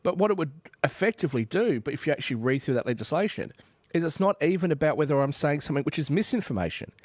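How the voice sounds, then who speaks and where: A man's voice: a little high, lively intonation, fast talker, a little mellow, no room sound, studio quality. A man in his forties from Western Australia with an Australian accent, talking animatedly as a podcast panelist and acting out little exchanges in other voices. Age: 40s. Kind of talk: casual panel discussion.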